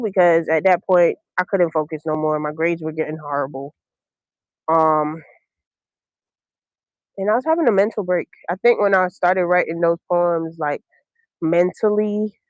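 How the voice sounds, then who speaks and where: A woman from Brooklyn, hosting a podcast and telling a personal story in a candid, slangy, unhurried way with many ums. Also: sits low, no echo, highs cut off. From Brooklyn, New York. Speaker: podcast host.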